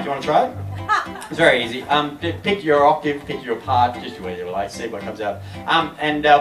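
A man chatting playfully with a live audience between songs, self-deprecating and casual. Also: fairly high pitch. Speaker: singer-songwriter performing live. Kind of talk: casual stage banter with the audience. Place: live music venue. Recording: echoey live room from far off, music behind. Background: guitar.

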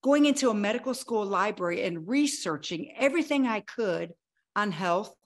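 A woman's voice: mid-range voice, lively intonation, normal speed. A woman in her sixties, a guest on an interview podcast, telling her own life story dramatically and acting out remembered dialogue. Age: 60s. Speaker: guest, health coach.

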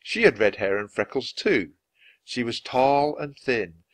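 Expressive man reading a children's book. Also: mid-range voice, a little slow, no echo. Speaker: storybook reader. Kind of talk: children's book read aloud for learners.

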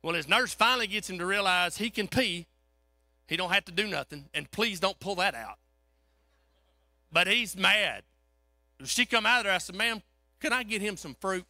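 A man preaches through a story in a folksy, animated way. His voice sits high and rings very bright and forceful. The sound is close and dry. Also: moderate pace, pauses often, no room sound. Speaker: pastor. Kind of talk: storytelling sermon.

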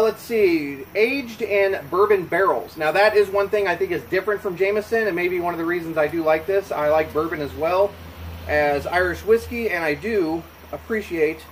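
Host reviewing whiskey, man, high voice, easygoing and jokey, faint background hum. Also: poor audio. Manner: relaxed, joking, chatty with fillers. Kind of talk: casual chat to camera. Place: home bar.

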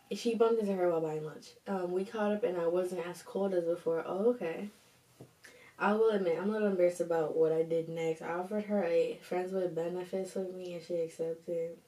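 Host, young woman: sassy, chatty storytime reader, low mellow voice, roomy echo, a bit off-mic. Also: steady tone, normal speed, recorded from a distance. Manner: sassy, chatty, reacts with slang asides. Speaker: host reading viewer stories. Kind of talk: casual storytime commentary.

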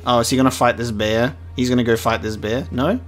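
Over music, a man with a medium pitch and steady tone talks briskly through his first playthrough of a video game. As a gaming streamer doing let's-play commentary, he's chatty and playful and laughs along the way.

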